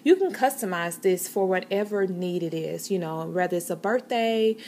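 A woman's voice: lowish voice, expressive, moderate pace, a little mellow, a little hiss or hum. A woman vlogger chatting casually with viewers while showing her handmade papercraft projects, with many fillers. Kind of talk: casual show-and-tell craft video.

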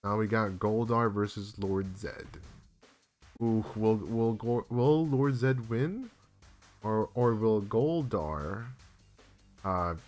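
Lowish-voiced young man, hyped live commentary on a game, keeps yelling out mid-sentence. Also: slow pace, soft background music. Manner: excitable, bursts into sudden exclamations. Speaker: streamer.

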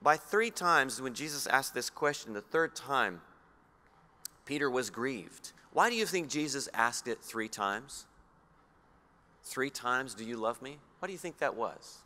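Man from australia, sermon, bright voice, long hall reverb. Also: expressive. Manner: reads scripture slowly and low, asks the listeners questions. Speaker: preacher. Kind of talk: sermon with scripture reading. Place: church hall.

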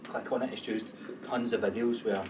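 A Scottish podcast co-host muses through his thoughts, pausing and hunting for words as he goes. His voice sits at a middle pitch. He sounds set back from the mic, with clear background noise running under him. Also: fairly even intonation, recorded from a distance. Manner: reflective, musing, hesitant with fillers. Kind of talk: casual chat.

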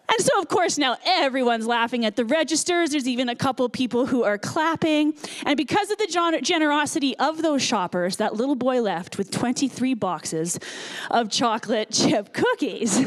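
A middle-aged woman pastor preaching a sermon, telling a story in an animated, earnest way. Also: sits high.

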